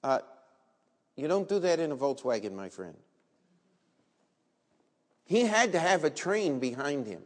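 A man's voice: a little high, big pitch swings, a little slow, pauses often. A man preaching a sermon as a pastor, telling the story vividly and asking the congregation rhetorical questions. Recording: long reverb in a large hall.

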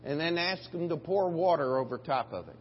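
A male pastor preaching a sermon, retelling a Bible story in a folksy, animated way and acting out the voices. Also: a little high, fairly quick, slight background noise. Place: church sanctuary. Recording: dull lo-fi church recording with long reverb.

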